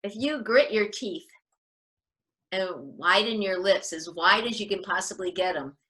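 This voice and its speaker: A woman guest on a podcast, giving parenting advice in an animated, chatty way and acting out little scenes. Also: medium pitch, unhurried, low-quality recording. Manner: animated, gives advice and acts out short scenes. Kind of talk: casual advice chat.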